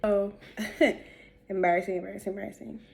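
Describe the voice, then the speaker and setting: A woman's voice: medium pitch, steady tone, a little fast, vocal fry. A young woman with a Jamaican accent, telling a rambling, chatty story while doing her makeup for her vlog. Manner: rambling, chatty, laughs between sentences. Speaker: beauty vlogger.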